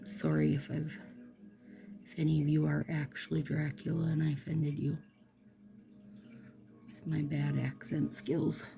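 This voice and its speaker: A woman chatting casually as she does her nails, gushing and trailing into soft murmurs, with faint music behind. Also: low voice, little pitch movement, unhurried, vocal fry, pauses often. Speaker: nail product vlogger. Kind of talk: casual chat while doing nails.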